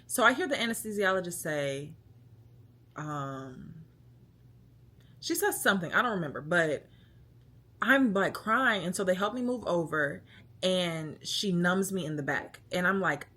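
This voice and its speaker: A woman's voice: lowish voice, lively intonation, normal speed, pushed and bright, husky. A young woman vlogging her birth story, retelling it emotionally with lots of quoted speech. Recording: light background noise.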